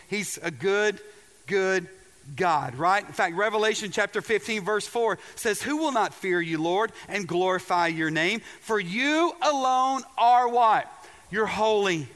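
Male pastor, emphatic slow sermon delivery, bright tone, big hall reverb. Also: sits high. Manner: emphatic preaching with repeated words and questions to the audience.

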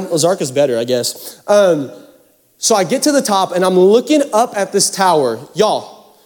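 Young male pastor, high voice, playful self-mocking storyteller, reverberant church hall. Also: darkish tone. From Pacific Northwest. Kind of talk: storytelling sermon.

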